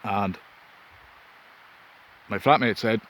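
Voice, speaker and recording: Out in the wind with a phone, a male vlogger casually rambles through an anecdote from his own life, cutting himself off as he goes. He speaks on the low side, drawing out his words, and his tone is a bit bright. There's a faint backdrop of wind and ambience.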